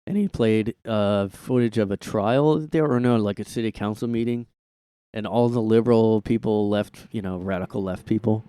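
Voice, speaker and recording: A man's voice: on the low side, moderate pace, warm tone, smooth, no echo. A man hosting a casual solo podcast from his room, rambling and swearing, packing his speech with "like", on a close mic. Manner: rambling, heavy "like" filler, profane. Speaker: podcast host.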